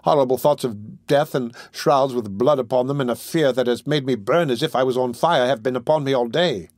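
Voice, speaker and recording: A man's voice: medium pitch, brisk, darkish tone, no room sound, natural voice. Fearful young woman full of dread, read by a male narrator, dry close audiobook sound. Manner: urgent, fearful pleading.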